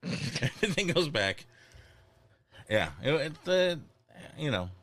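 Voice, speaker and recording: A man hosting a podcast in casual chat, steering between segments with halting fillers. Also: mid-range voice, sing-song, a bit bright. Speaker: podcast host.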